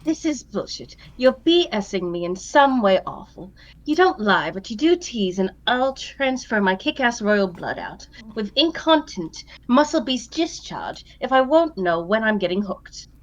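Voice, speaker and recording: A woman's voice: fairly high pitch, big pitch swings, measured pace. An Australian woman reading aloud the lines of a brash, troubled teenage character, on a dull lo-fi mic. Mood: blunt.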